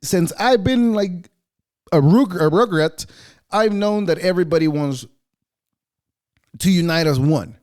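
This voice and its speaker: A man hosting a podcast, going off in a sarcastic, rambling, profane monologue. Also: fairly high pitch. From United States. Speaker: podcast host. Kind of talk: casual opinionated monologue.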